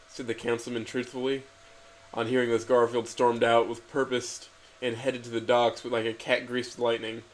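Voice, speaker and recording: A man reading comic fan fiction aloud in an earnest, deadpan way. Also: medium pitch, normal speed. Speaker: reader.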